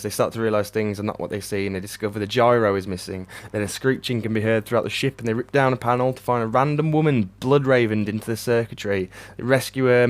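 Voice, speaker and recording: A man giving a ranting, sardonic movie review, swearing a lot and swinging between flat mutters and loud outbursts. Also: lowish voice.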